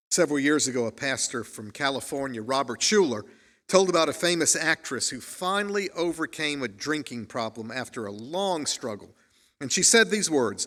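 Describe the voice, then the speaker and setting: A man's voice: medium pitch, animated, normal speed, a bit bright. A man preaching a sermon as pastor, telling stories in an earnest way and reading quotations aloud. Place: church sanctuary. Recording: long church reverb.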